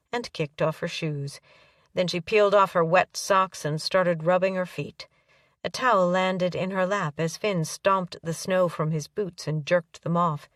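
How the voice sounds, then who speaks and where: A woman narrates an audiobook in a fairly low voice and shifts lightly between the characters as she reads. The sound is dry, with the mic a little distant. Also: dry recording. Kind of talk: scripted narration.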